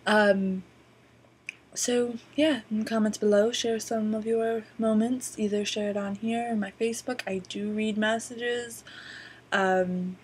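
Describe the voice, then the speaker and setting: A woman's voice: medium pitch, fairly even intonation, a little slow, slight background noise. A woman vlogger telling stories casually to her laptop webcam, rambling with many "um"s and a wry, profane streak. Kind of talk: casual storytelling to camera. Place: indoors at a borrowed laptop.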